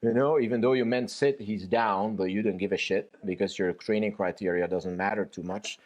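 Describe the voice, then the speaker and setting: A man's voice: on the low side, moderate pace. A man giving a lecture on dog training. He speaks bluntly, swears freely, and jokes animatedly. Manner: blunt, profane, animated and joking.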